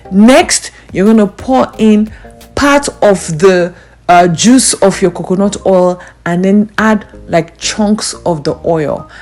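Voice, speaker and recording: A young woman talks through a recipe in a home kitchen, leaning hard on each key step and repeating it so it sticks. Her voice sits in an ordinary middle range, with playful asides between the instructions. Soft music plays faintly underneath. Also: mid-range voice. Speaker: cooking vlogger. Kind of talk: recipe walkthrough.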